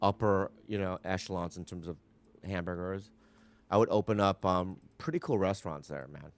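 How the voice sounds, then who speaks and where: A man's voice: low-pitched, moderate pace. A man hosting a podcast, rambling and joking in casual banter with many fillers and restarts. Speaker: podcast host.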